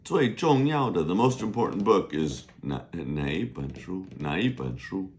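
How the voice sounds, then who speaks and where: Low-voiced guy teaching chinese slow and playful, pitch jumps all over. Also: very animated, a little hiss or hum. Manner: playful, jokey, sings to himself; slow, drawn-out model pronunciation. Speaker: Mandarin teacher. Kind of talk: casual online language lesson. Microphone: camera on a desk.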